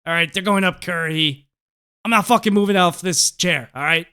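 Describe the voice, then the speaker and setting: A man voicing his stubborn father in a story, gruff and blunt, brushing off worry with curses. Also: high-pitched, fairly quick, sharp tone. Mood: dismissive.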